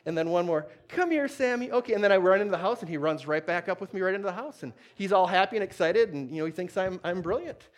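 High-voiced man preaching a sermon. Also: fast, few pauses. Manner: storytelling with laughs, voices for the dog and God.

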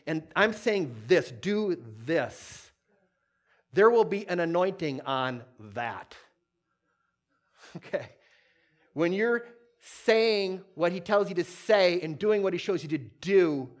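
High-voiced man preaching a sermon. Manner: storytelling with laughs, voices for the dog and God.

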